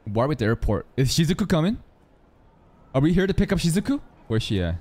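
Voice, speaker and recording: Excitable, profane anime reaction streamer. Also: medium pitch, quick pace. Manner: excitable, profane, talks at the screen. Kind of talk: live reaction commentary.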